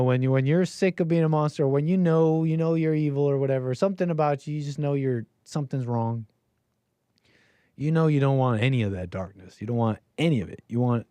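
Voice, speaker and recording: A man's voice: mid-range voice, mellow, dry recording. A man hosting a call-in show, rambling and emphatic, often restarting his sentences. His voice sits in an ordinary middle register. It is recorded dry and close on the mic, with no room sound. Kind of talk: casual commentary monologue.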